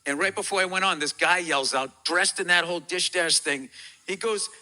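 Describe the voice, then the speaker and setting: A man from America, a comedian guest telling stories on a talk show, swearing freely and loudly acting out the voices of the people he quotes. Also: high voice, normal speed. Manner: profane, animated, acts out quoted voices loudly.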